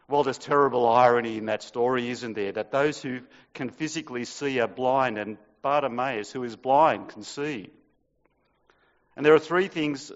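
A man preaching a sermon in a church, reading scripture and raising his voice dramatically on the quoted cries. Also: mid-range voice. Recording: dull sound in a long-reverb hall.

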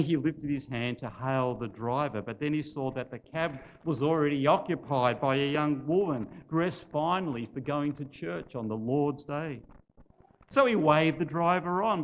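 A man preaching a sermon, telling a story and then making emphatic, forceful appeals to the congregation. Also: on the high side, a little hiss or hum.

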